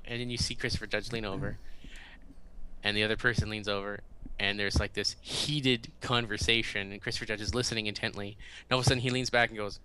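Animated man telling stories, bright voice. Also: mid-range voice, smooth. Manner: animated, acts out quotes in a raised voice; halting, often restarts. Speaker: podcast guest. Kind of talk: casual storytelling in an interview.

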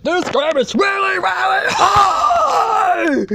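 A performer voicing a hot-tempered cartoonish gamer who keeps rising from forced calm into shrieking fits of rage at a hard game. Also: mid-range voice, slow pace, heavy background noise, exaggerated voice. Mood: frustrated. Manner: swings between forced calm and shrieking outbursts.

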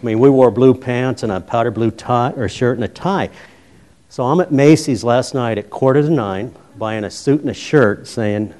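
A middle-aged former high school principal from Colorado, USA, delivers a keynote in a conference hall on a roving handheld mic, his voice at an ordinary male pitch and normal speed. A humorous, animated storyteller, he acts out both sides of each conversation before growing earnest about his years as a principal.

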